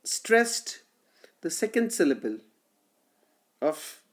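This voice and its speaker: A woman delivers a literature lecture at an unhurried pace. Her pitch moves lively up and down as she breaks ideas into short, careful phrases and stresses key syllables. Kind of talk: recorded classroom lecture.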